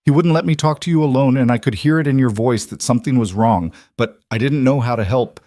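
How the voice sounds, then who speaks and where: A tearful middle-aged mother, anxious and pleading, put on by a man who lifts his low voice well up. The delivery sits noticeably higher than the narration. The recording is dry and close. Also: brisk, warm tone, no room sound, lightly acted.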